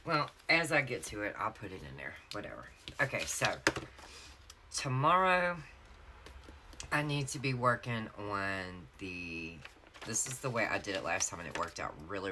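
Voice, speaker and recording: Over some background noise, a woman's rumbling low voice addresses her y'all audience in a casual, chatty way. A planner vlogger with a Southern US accent from North Carolina, she tells stories as she sets up her planner.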